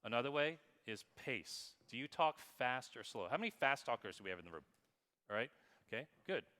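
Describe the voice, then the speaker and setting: A man in his thirties giving a lively, emphatic keynote talk at a conference, speaking straight to the audience. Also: mid-range voice, fairly quick, big-room sound. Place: conference hall.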